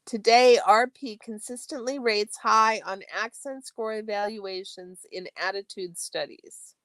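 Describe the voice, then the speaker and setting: A woman hosting a study stream, reading a textbook aloud in a steady, measured way, her phrase ends trailing off into a soft whisper. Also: medium pitch, no room sound.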